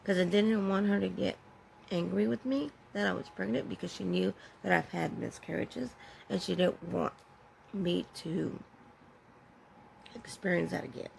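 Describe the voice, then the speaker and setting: A woman telling a personal story in a candid, halting way, pausing and correcting herself as she goes. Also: lowish voice, steady tone, vocal fry, a little mellow, slight background noise, poor audio. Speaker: vlogger sharing her own story.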